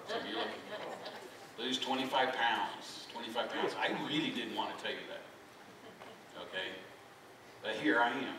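A man's voice: mid-range voice, pushed and bright. A middle-aged man, a pastor giving a folksy, self-deprecating sermon and joking with his congregation. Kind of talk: conversational sermon. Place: church sanctuary. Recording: very echoey hall, mic from far off, background noise.

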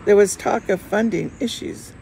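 Woman reading brooding middle-aged man, soft musing delivery, gravelly edge. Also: medium pitch, moderate pace, slight background noise, natural voice. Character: brooding forty-five-year-old man drinking wine.

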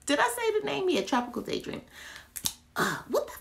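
A woman's voice: very high-pitched, big pitch swings, fairly quick, creaky, fairly bright tone, slight background noise. A young woman, chatting casually through a candle haul, playful and often dropping into whispers as she talks to herself. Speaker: vlogger reviewing candles. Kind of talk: casual haul video chat.

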